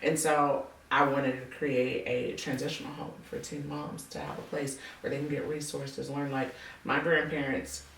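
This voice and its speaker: A woman hosting a casual faith-based interview, animated and playful, acting out quotes with big jumps in her voice. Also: deep voice, moderate pace, gravelly, hardly any pauses, roomy sound, distant mic, a little hiss or hum, low-quality recording. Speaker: podcast host.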